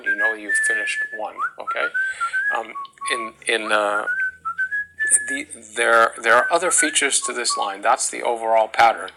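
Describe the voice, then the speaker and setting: Gravelly-voiced man lecturing, with halting fillers. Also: lowish voice. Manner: halting, with many fillers and restarts; chants rhythm syllables to demonstrate meter. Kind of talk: classroom lecture on meter. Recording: faint background noise.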